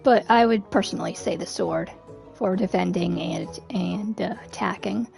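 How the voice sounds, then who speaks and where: A woman chatting through a game playthrough as a streamer, reacting loudly and with excitement to what happens on screen. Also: mid-range voice, moderate pace, gravelly, faint music behind. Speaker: gaming streamer.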